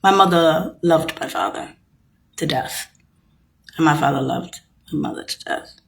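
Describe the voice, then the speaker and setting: A woman's voice: low-pitched, measured pace, creaky. A woman delivering an angry, profane, rambling rant straight to the listener. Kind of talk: unscripted rant to camera.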